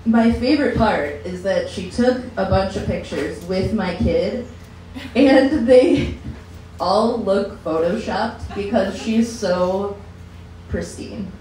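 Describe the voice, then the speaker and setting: A woman's voice: mid-range voice, slow pace, dark tone, slight background noise. A woman doing a stand-up comedy set, chatty and loose, who often laughs through her own lines. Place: comedy lounge stage. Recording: echoey room, mic from far.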